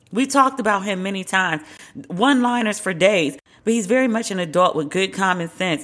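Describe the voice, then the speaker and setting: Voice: medium pitch, a bit bright. A podcast host giving casual, candid commentary alone, wry and opinionated, with slangy asides.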